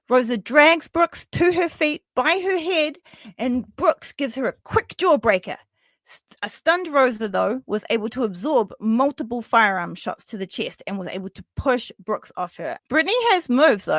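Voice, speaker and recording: A woman hosts a casual podcast and runs through wrestling matches with lively, loose energy, dropping swears and plenty of fillers. Her voice sits at an ordinary middle pitch. It is recorded dry and close, with no room sound. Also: no echo. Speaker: podcast host.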